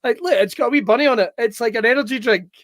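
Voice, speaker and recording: A man hosting a comedic wrestling show, excitable, sweary and full of jokes. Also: extremely high pitch, racing, no echo, studio quality. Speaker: show host.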